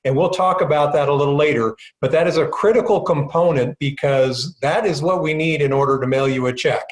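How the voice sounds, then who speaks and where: A man's voice: fairly high pitch, a little fast. A man presents on a webinar as a county director and explains documents in a loose way, with frequent fillers. His voice carries a noticeable room echo. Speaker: county economic development director. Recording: roomy echo.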